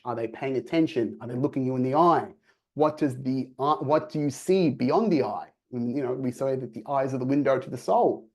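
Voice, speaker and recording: A man giving a sales coaching talk on a video call, energetically acting out quoted dialogue. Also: medium pitch. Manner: energetic, acts out quoted dialogue in lively voices. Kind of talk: presenting to a virtual audience.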